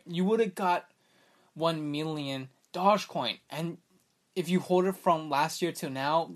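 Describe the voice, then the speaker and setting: A young man hosting his own podcast in a casual, rambling chat, full of filler words, and he has the hiccups. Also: on the high side. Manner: excitable and rambling, many fillers like "like" and "bruh". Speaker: podcast host.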